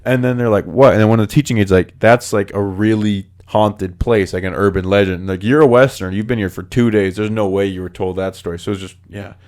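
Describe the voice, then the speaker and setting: A man with a fairly low voice retells creepy stories in a loose, chatty podcast style. He slips into quick put-on voices for the people in each tale and fills gaps with lots of "like"s. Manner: animated, acts out quoted voices, lots of filler words. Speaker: podcast host. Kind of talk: casual storytelling chat.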